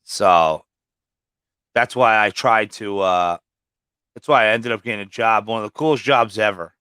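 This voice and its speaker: A man's voice: on the low side, moderate pace, bright, forceful tone, clear, resonant tone, no echo. A man who is a guest on a livestream, telling long rambling stories full of swearing in a casual way. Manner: rambling, heavily profane storytelling. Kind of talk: casual storytelling.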